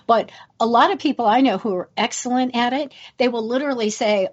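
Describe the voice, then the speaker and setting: A woman's voice: a little high, brisk, hardly any pauses, dull audio. A woman hosting an internet radio interview, speaking in an affirming, conversational way to her guest. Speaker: radio host.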